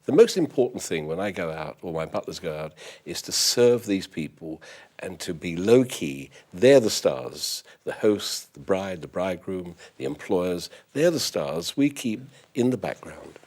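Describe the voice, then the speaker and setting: An older man from London's East End with a softened London accent, a toastmaster who runs a butler school, answering interview questions in a polite, precise and formal way. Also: low-pitched, very animated, unhurried.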